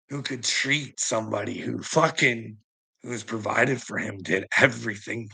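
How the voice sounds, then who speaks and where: A middle-aged man ranting into his vlog, cursing nearly every sentence and breaking into bitter laughs. His low voice is gravelly and husky, with a bright, tense edge. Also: moderate pace. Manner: agitated, swears constantly, bitter laughs. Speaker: vlogger.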